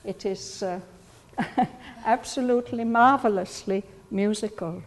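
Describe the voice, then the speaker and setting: A woman leading a study group, speaking slowly and thoughtfully as she explains ideas to the others. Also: mid-range voice, big-room sound. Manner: slow, thoughtful, gently explaining. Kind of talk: reflective group discussion.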